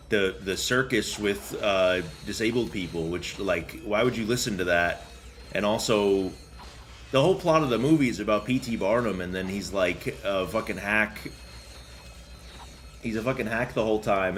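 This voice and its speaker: A man's voice: fairly low pitch, fairly bright tone, slight background noise. Rambling, swearing young male streamer. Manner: rambling, profane, chuckling, frequent fillers. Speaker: livestreamer. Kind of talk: casual chat while playing a game.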